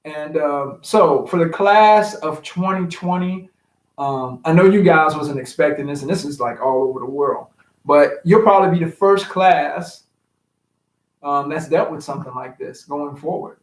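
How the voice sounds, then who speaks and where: A man hosting a casual live-streamed cocktail hour, chatting in a relaxed way full of ums. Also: fairly high pitch, a little slow, roomy sound, low-quality recording. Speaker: livestream host. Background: music.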